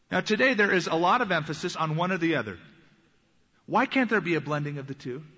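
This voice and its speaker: Bright-voiced man preaching in a hall. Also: sits high, slightly rough, muffled recording. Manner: earnest teaching tone, slows down for quoted scripture. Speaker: pastor. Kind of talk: sermon.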